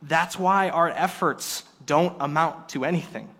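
A man delivers a sermon with a slightly high voice. He acts out quoted little scenes, rising loud and bright for emphasis, then dropping almost to a hush. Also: unhurried. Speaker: pastor.

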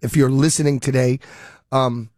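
A man's voice: mid-range voice, steady tone, moderate pace, a little mellow, no echo, studio quality. A middle-aged man hosting a radio show in casual, rambling chat, a bit mumbly with a summer cold and a cough drop in his mouth. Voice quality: slightly mumbled. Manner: rambling, self-deprecating, joking. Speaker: radio host.

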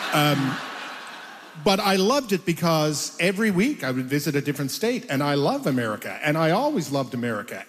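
High-voiced animated comedian in interview. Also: male voice, in a large hall. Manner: animated, self-mocking storyteller. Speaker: comedian guest. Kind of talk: conversational interview storytelling.

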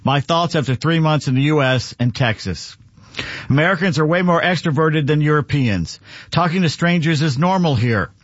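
A man's voice: a little high, animated, moderate pace, dry recording. A man co-hosting a radio show, chatting and reading a post aloud. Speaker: radio co-host. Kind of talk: casual talk radio banter, reading posts aloud. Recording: dull radio studio sound.

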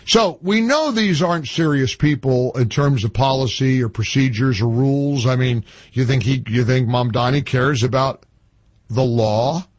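A man's voice: mid-range voice, normal speed, no room sound. A man hosting a talk radio show, giving opinionated conversational commentary in a studio.

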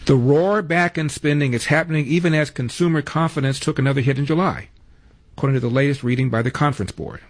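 A man's voice: fairly high pitch, quick pace. A man hosting a talk radio show, running through headlines with wry, sarcastic asides.

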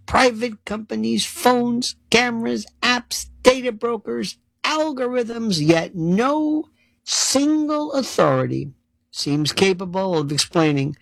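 Male commentator, sarcastic ranting monologue, gravelly voice, dry close sound. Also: high-pitched, no room sound, rough recording. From United States. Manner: sarcastic, animated, mocking voices. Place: New York City.

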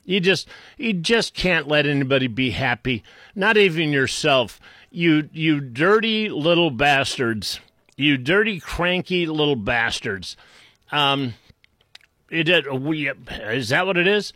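A man's voice: on the high side, expressive, takes it slowly, pushed and bright, dry recording. Scornful man ranting into a dry mic. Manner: scornful, insulting, rambling with restarts. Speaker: political commentator. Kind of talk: unscripted political rant.

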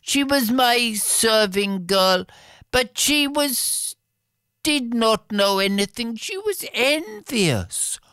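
A woman telling a fairy tale aloud in an expressive way, giving the characters their own voices. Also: medium pitch, dry recording, clean studio sound. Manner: expressive, voices characters, slow deliberate pacing. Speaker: storyteller. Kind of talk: oral fairy-tale storytelling.

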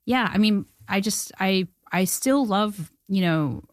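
A woman in her thirties from Canada, telling stories as an interview guest in an animated way, with frequent laughs and fillers. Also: mid-range voice, takes it slowly, no echo, clean studio sound. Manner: animated storyteller, laughs often, many fillers. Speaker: filmmaker guest. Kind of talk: casual interview chat.

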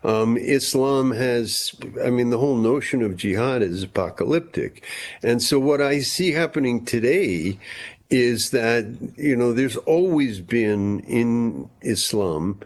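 A man's voice: mid-range voice, animated, a little slow. A man talking as a historian guest, explaining at length and often repeating words as he thinks. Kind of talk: conversational interview explanation.

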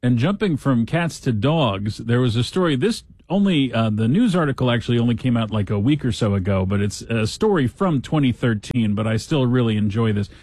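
A man's voice: medium pitch, animated, brisk, few pauses, a little mellow, slightly rough, dry recording, studio quality. A man hosting a talk show, giving casual news commentary with sarcastic, joking asides.

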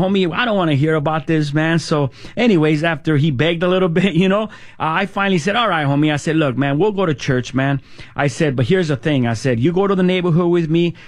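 A man telling his own life story as a testimony, with many restarts and fillers, and voicing friends' lines in casual street slang. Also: a little high. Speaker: testimony speaker.

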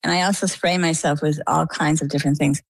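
A woman's voice: low voice, fairly even intonation, fast, breathy edge, no echo. An older woman from coastal Maine, guest in an interview, chatty and vivid as she retells events with quoted dialogue. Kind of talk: conversational storytelling.

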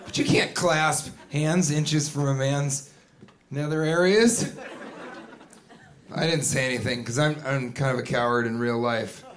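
A man performing a stand-up comedy set, telling stories in an animated way with put-on voices and sudden yells. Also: mid-range voice, measured pace. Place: comedy club stage with a laughing audience. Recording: live club recording with crowd noise. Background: audience laughter.

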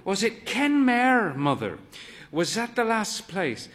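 A slight, mischievous man in late middle age, voiced by the reader speaks in a dry, wry manner. His voice rises and falls with a lilt. He takes his words slowly. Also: sits high, big pitch swings, fairly bright tone, voice pushed up, full character voice. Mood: wry, playful.

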